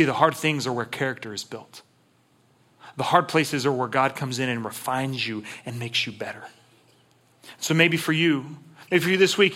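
A male pastor from Texas delivers a sermon with a bright, forceful tone and a voice pitched a little high. He talks earnestly and conversationally, sinking to near-whispers and then rising to raised appeals. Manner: earnest, swings between hushed and raised voice.

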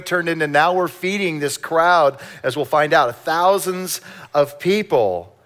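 A man preaching a sermon, reading scripture slowly and acting out the disciples' voices in lively asides, having the congregation repeat lines. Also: a little high. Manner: animated, acts out voices in Bible stories. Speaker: pastor.

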